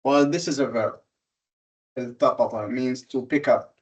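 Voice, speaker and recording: A man's voice: mid-range voice, unhurried, breathy edge. A man teaching a classroom lesson on Quranic reading. He talks patiently, explains step by step and repeats his examples. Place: classroom with a board.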